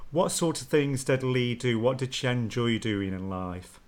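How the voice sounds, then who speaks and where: A man hosting an interview, asking gentle probing questions with frequent hesitations. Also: mid-range voice, expressive, a little slow. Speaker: interviewer, host.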